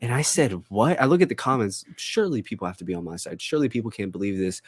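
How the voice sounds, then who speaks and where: A young man co-hosting a podcast, talking through a show in a relaxed, enthusiastic way with lots of "dude" and "like". His voice sits somewhat low. The recording is dry and close. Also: racing, breathy edge, no room sound. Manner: laid-back, enthusiastic, says "dude" and "like". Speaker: podcast co-host. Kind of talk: casual review chat.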